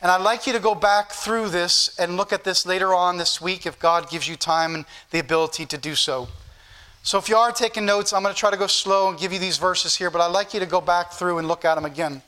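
High, bright-voiced male preacher. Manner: slows down and rises in pitch when reading scripture aloud; earnest, repetitive teaching delivery. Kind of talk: sermon.

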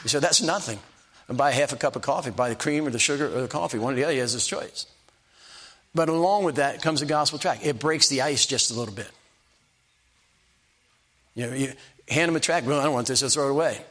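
An older man preaching a sermon, telling folksy personal stories with restarts and slow, emphatic punchlines. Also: medium pitch, a bit bright.

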